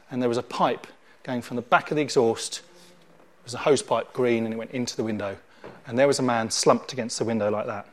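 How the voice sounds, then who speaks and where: A man preaching a sermon and telling a dramatic story, acting out the scenes as he goes. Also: medium pitch. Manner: animated storyteller, acts out scenes.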